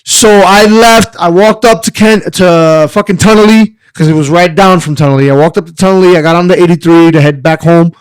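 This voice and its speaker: Profane, animated New man. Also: sits high, fairly quick, hardly any pauses, clean tone, no echo, rough recording. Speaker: podcast guest, wrestler. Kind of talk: casual storytelling.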